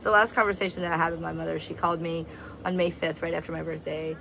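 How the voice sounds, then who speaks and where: A woman's voice: sits low, little pitch movement, fast, creaky, bright, forceful tone, a little hiss or hum, rough recording. A young adult woman telling a personal story in a blunt, candid way, acting out other people's voices as she goes. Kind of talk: casual storytelling vlog.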